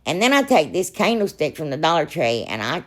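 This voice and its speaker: A woman, hoarse and froggy from a sore throat, narrating a crafting video in a rambling, chatty way with lots of asides. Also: deep voice, very animated, brisk. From Ohio, US. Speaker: crafting channel host. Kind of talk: casual DIY voice-over narration.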